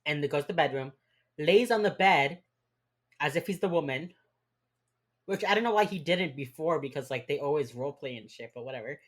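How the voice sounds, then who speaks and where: A woman's voice: sits low, lively intonation, fairly quick. A woman co-hosting a podcast, recapping a TV episode in casual chat with wry, dry asides. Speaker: podcast co-host.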